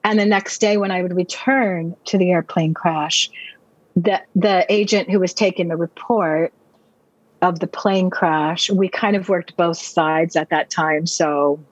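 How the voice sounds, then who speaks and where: Husky-voiced woman pastor telling her testimony. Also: fairly low pitch, steady tone, no room sound, highs cut off. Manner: earnest, vivid storytelling with quick repeated restarts. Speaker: pastor and Bible teacher. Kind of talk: personal testimony storytelling.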